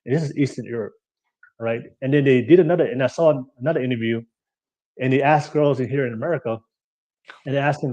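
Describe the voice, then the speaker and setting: Podcast host guy, casual chat, lots of um and restarts, mid pitch. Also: fast. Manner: animated storytelling with many restarts and fillers. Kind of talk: casual conversation.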